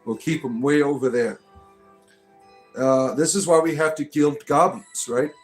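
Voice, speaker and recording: A man's voice: fairly high pitch, steady tone, measured pace, soft background music. A man hosting a live stream, reading viewers' comments aloud in a casual, rambling and joking way, with many restarts, from the United States. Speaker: livestream host reading chat comments.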